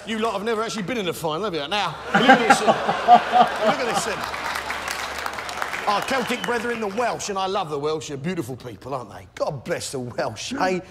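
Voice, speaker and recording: Guy doing stand-up, swaggering pub-landlord bluster, high voice swooping all over, roaring crowd. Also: lively intonation, brisk, heavy background noise. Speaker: stand-up comedian. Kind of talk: live stand-up set. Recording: loud crowd laughter, live venue.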